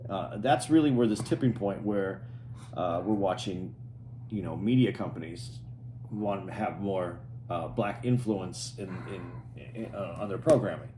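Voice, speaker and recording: Low-voiced earnest podcast co-host. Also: male voice, noisy background. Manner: thoughtful, halting, earnest. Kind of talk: casual podcast chat.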